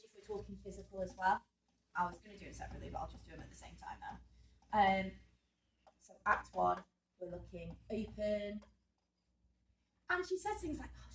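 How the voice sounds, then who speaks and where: A woman's voice: mid-range voice, distant mic, slight background noise. A woman who teaches drama walks through a revision lesson, chatting and thinking aloud, sometimes stopping to fix a slip. She was recorded in a school room with a roomy echo, and she sits some way back from the mic.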